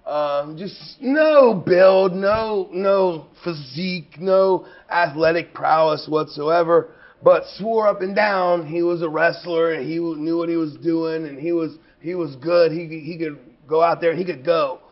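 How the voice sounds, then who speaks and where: Slow-talking wrestler telling a story. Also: male voice, a little high. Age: 30s. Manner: emphatic, profane, rambling. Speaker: interviewee, pro wrestler. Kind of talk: anecdotal storytelling. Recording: dull lo-fi recording.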